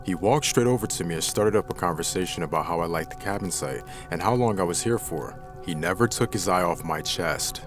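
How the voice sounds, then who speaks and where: A man's voice: low-pitched, a little fast, few pauses, music in the background. A man narrating true scary stories in the first person, reading them dramatically. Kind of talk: scripted horror story narration.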